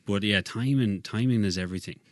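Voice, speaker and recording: Easygoing rural Irish man, low voice. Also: fairly quick, no echo. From Ireland. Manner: easygoing, rambling with many fillers. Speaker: guest singer-songwriter. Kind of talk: casual chat.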